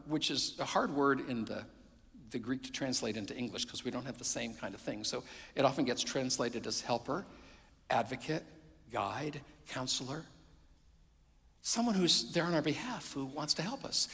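A middle-aged man, a pastor preaching a sermon, swinging between loud emphasis and hushed near-whispers. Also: a little high, sing-song, normal speed. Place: church sanctuary. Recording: long hall reverb.

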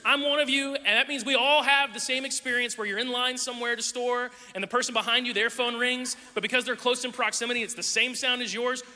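A man delivers a humorous sermon to a live congregation in a large hall. His voice sits high and very bright, and it rings out with a long reverb tail. He jokes and tells stories in an animated way. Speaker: pastor.

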